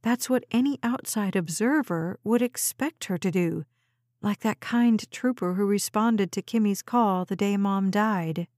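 A woman reads a suspense novel aloud as an audiobook narrator, unhurried and measured. Her tone is warm and mellow, recorded close and dry with no room sound. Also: mid-range voice, dry recording. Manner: measured, even storytelling. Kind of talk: scripted narration.

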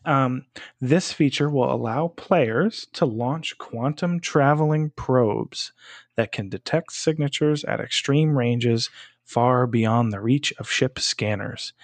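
A man's voice: medium pitch, takes it slowly, dry recording. A man co-hosting a gaming podcast, chatting casually in an upbeat, joking way and laughing easily. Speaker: podcast co-host. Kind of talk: casual chat.

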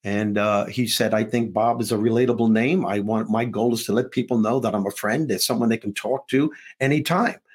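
A man, a guest author and comedian, telling an animated story in an interview and acting out the lines of his characters. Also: fairly low pitch, brisk, hardly any pauses, breathy edge. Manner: acts out dialogue between characters, laughing often.

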